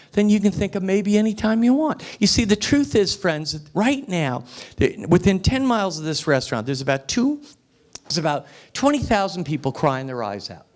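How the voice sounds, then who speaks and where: Male motivational speaker, slightly high voice, animated, teasing the crowd. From United States. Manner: emphatic, repeats phrases for effect, teasing audience. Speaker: guest speaker. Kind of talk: motivational speech. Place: restaurant event room.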